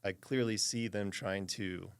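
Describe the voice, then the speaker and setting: A man's voice: on the low side, fairly even intonation, measured pace, gravelly, smooth. A man talking as a podcast co-host in casual chat, earnest and emphatic.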